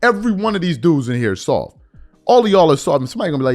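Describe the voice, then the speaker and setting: A man's voice: on the high side, very animated, very fast, darkish tone, faint music behind. A man hosting a sports podcast, giving an opinionated rant full of repeated rhetorical questions.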